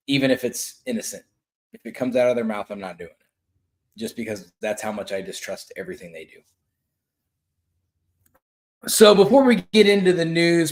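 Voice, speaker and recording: Middle-aged guy running his own podcast, kinda low voice, blunt, rambles, swears a lot. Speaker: podcast host. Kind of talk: casual political commentary.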